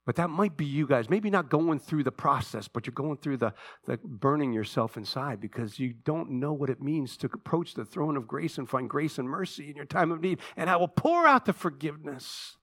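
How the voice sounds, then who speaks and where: Guy preaching in church, earnest, gets worked up then goes soft and prayerful. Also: a little high, lively intonation, moderate pace, hardly any pauses. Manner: earnest, rising to impassioned emphasis then dropping to quiet prayer. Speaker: pastor. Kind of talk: sermon. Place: church sanctuary.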